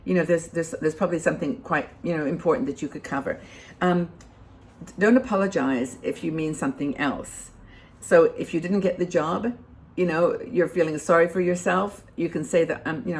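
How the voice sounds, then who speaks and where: A woman's voice: sits low, moderate pace, a little mellow. An older woman hosting a casual advice talk, rambling with many fillers and restarts. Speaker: host.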